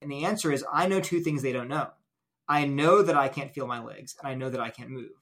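Bright-voiced man explaining an argument. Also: medium pitch, brisk. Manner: earnest, illustrative, builds points step by step. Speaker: guest apologist.

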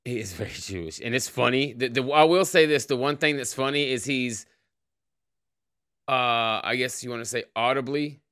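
A man's voice: mid-range voice, moderate pace, fairly bright tone, no room sound, studio quality. A man hosting a casual livestream podcast, greeting chatters by name and rambling in a profane, offhand way. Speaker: podcast host.

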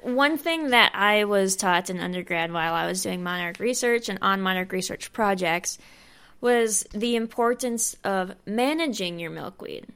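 A woman's voice: mid-range voice, moderate pace, a bit bright, clean tone. A young adult woman co-hosting a science podcast, explaining research in a loose, chatty way full of "like" and "you know". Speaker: podcast co-host and monarch researcher. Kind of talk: casual science podcast chat.

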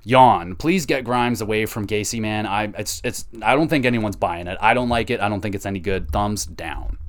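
A man hosting a podcast, recapping wrestling shows in a casual, excitable and profane way. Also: lowish voice, moderate pace. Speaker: podcast host. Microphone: podcast mic.

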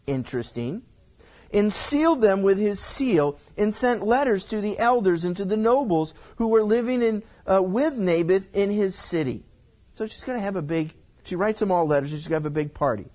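A man's voice: high voice, lively intonation, normal speed, a little mellow. A male pastor teaching through a Bible passage verse by verse in a casual, explaining way with frequent asides.

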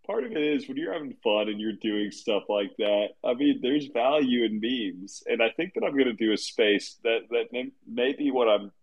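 A man's voice: medium pitch, animated, moderate pace, hardly any pauses, dull audio. A man hosting a casual online group chat, rambling and laughing often as he tells stories. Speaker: host of a live audio chat room.

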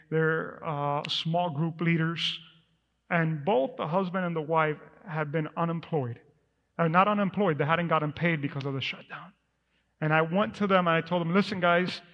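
A male pastor telling a story in a sermon, with a chatty, storytelling delivery full of asides. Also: high-pitched. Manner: conversational, storytelling with asides and laughs. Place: church sanctuary. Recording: muffled sound with long hall reverb.

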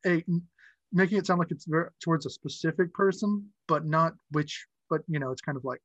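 A man's voice: a little high, fairly quick, a bit bright, no room sound, highs cut off. A man playing a tabletop game, talking hesitantly and restarting often. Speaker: player. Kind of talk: casual tabletop game play.

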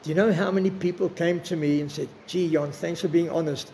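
Earnest older preacher, gravelly. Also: male voice, a little high, steady tone, warm tone, slight background noise. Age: 60s. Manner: earnest, personal, slows for emphasis. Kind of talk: sermon.

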